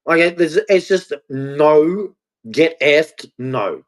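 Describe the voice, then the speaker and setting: A man in a confessional vlog monologue, speaking in a halting, repetitive way and swearing freely. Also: fairly high pitch, expressive. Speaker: vlogger.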